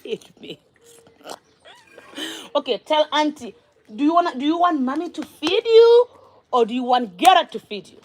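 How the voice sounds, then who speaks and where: A woman filming a family vlog at home, talking to her young sons and her followers in a lively, encouraging way. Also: sits high, fairly quick. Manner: animated, coaxing and praising her young sons. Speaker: vlogger and mother. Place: home, at a breakfast table.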